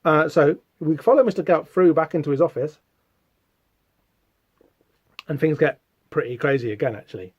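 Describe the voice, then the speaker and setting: A man's voice: on the high side, quick pace, husky, dry recording, muffled recording. Chatty man reading a comic aloud. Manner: chatty, reads quotes aloud with hesitant fillers. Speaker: podcast host. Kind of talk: casual comic-book reading and commentary.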